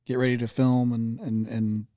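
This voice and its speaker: A man co-hosting a faith podcast, speaking casually with many pauses and restarts. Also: mid-range voice, level tone, mellow, no room sound, studio quality. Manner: halting, many fillers and restarts. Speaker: podcast co-host. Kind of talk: casual chat.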